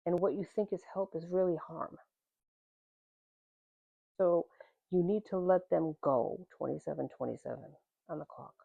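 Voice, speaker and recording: Woman reading tarot to the viewer, lowish voice, blunt and plain, sounds like a phone recording. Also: normal speed, vocal fry, pauses often, breathy edge, no echo. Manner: direct, plain-spoken, calls the listener "man" and "honey". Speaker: tarot reader. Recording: tinny phone-like audio.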